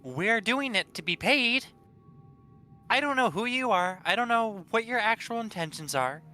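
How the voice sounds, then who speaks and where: A man's voice: sits high, animated, normal speed, bright, forceful tone, faint music behind, heavily acted. A man playing a blunt female mercenary. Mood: distrustful. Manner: blunt, matter-of-fact.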